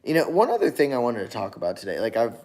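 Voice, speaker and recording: A man's voice: mid-range voice, big pitch swings, fast talker, a little mellow. A tired man talking on his own channel in a casual, rambling monologue, full of fillers and restarts. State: tired after a long workday. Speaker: channel host.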